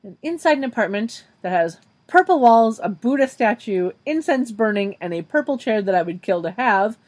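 A woman's voice: fairly high pitch, normal speed. A woman co-hosting a podcast, recapping a TV episode scene by scene in casual chat. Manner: animated, narrates episode scenes in detail. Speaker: podcast co-host.

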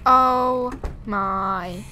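A young woman gaming YouTuber comments on a horror game at home, talking to herself and letting out jumpy, frightened exclamations. Her medium-pitched voice is very slow. She uses a desk USB microphone, and steady background noise runs throughout.

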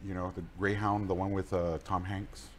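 Deep-voiced, halting male candidate. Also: little pitch movement, a crowd in the background. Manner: halting, repeats words, searches for words. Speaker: political candidate. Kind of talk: casual interview answers.

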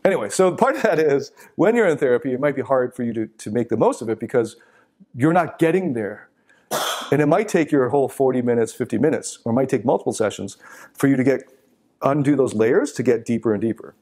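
A man's voice: medium pitch, lively intonation, fast, a little mellow, husky. A middle-aged man giving a live motivational talk, blunt and profane, often acting out the voices of people he quotes.

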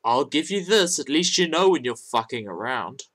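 Dude doing a snarky commentary, mid-pitched voice, cusses a lot. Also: male voice, sing-song, normal speed, a bit bright. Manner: sarcastic, mocking, profane. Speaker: YouTube commentator. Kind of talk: sarcastic video commentary.

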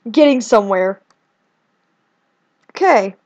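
A young woman chatting casually while playing a video game, rambling and swinging between whiny complaints and excited outbursts. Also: mid-range voice, slow pace, highs cut off. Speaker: gaming video creator. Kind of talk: casual let's-play commentary.

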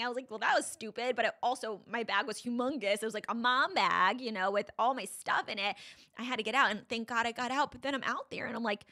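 Casting: young woman, higher pitch, sharp bright tone, breathless emotional storyteller. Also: fast. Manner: breathless, vivid retelling with many "like"s. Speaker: podcast guest.

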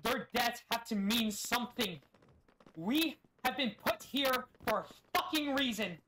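A woman's voice: a little high, animated, unhurried. A woman giving a rousing, defiant in-character speech over voice chat, swearing freely as she rallies the others. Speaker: roleplay server player giving a speech. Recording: noisy voice chat feed.

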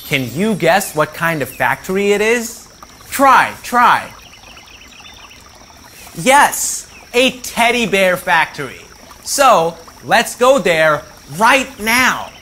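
A man's voice: sits high, big pitch swings, slow, bright, forceful tone, slight background noise. A man hosting a preschool educational show, upbeat and playful, talking directly to young viewers and acting out animals. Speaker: children's show host. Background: music.

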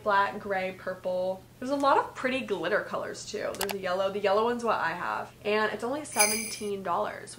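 A woman's voice: mid-range voice, fairly bright tone, slight background noise. A young woman in her twenties chatting casually in a gift-guide vlog from her bedroom, saying "like" a lot. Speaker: vlogger. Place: bedroom at home. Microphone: vlog camera.

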